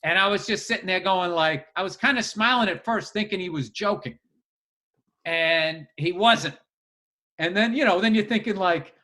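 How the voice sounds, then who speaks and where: A man with a high, bright voice swaps profane stories on a podcast. He talks loosely and with lots of swearing as he builds a story. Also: moderate pace. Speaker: podcast co-host. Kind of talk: casual comedic storytelling.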